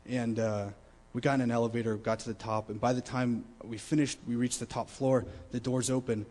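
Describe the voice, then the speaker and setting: A young man sharing a personal testimony at a student meeting, candid and emotional, often dropping to a quiet low voice. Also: flat delivery, brisk, slight background noise. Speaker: student speaker. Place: large meeting room. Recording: long reverb of a meeting hall.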